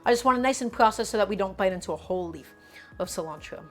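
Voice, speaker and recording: A woman's voice: medium pitch, lively intonation, fast, a bit bright, soft background music. A woman hosting a live cooking show from a home kitchen. She gives emphatic instructions, repeats key steps and speaks straight to her viewers.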